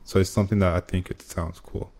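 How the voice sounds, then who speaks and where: A man's voice: deep voice, flat delivery, quick pace, gravelly, dark tone. A man from Nigeria co-hosting a podcast, talking bluntly and casually with plenty of swearing. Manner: blunt, profane, laid-back. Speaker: podcast co-host. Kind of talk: casual chat.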